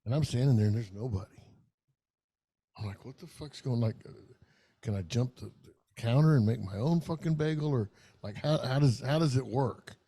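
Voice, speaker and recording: A man's voice: medium pitch, normal speed, warm tone. A middle-aged man, telling a long, profane, rambling story in casual podcast chat. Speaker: podcast co-host.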